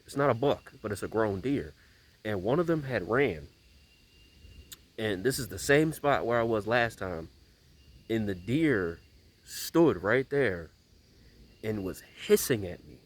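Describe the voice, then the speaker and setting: A man's voice: fairly low pitch, slightly rough. Rambling man vlogging outdoors. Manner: rambling, repeats himself, emphatic. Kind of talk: casual vlog storytelling. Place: outdoors on a small bridge.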